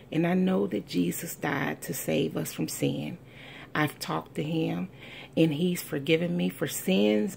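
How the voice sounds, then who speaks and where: Middle-aged woman, low voice, heavy gravel, earnest testimony, faint background hiss. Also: darkish tone. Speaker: speaker sharing a personal testimony. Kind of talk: heartfelt spoken testimony.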